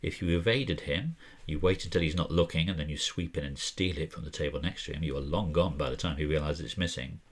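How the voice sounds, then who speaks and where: A man co-hosting a board game podcast, reading card rules aloud in a measured way. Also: a bass voice. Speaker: podcast co-host. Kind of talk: casual board game discussion.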